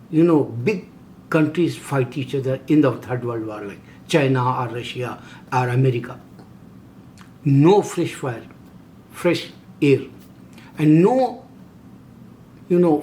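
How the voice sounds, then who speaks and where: A man's voice: fairly high pitch, gravelly, a little mellow, slight background noise. A middle-aged man speaking broken English in an impassioned religious monologue, hammering repeated rhetorical questions. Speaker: video host.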